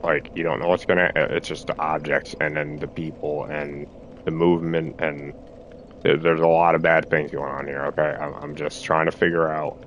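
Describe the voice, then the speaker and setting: A man rambling through a halting monologue, repeating himself, restarting phrases and swearing as he tries to reassure himself. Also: rumbling low, a bit bright, muffled recording, slight background noise. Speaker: streamer.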